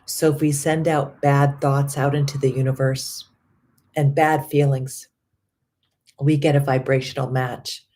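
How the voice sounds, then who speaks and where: A middle-aged woman life coach guiding affirmations and breathing in a slow, soothing way, with many repeated phrases. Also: very deep voice, level tone, mellow. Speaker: life coach and yoga teacher.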